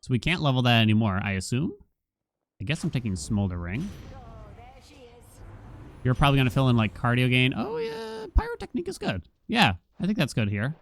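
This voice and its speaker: A man streaming a game, chatting casually and telling an animated story with sudden exclamations. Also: medium pitch, brisk, pauses often. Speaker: gaming streamer. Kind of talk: casual gameplay commentary with storytelling.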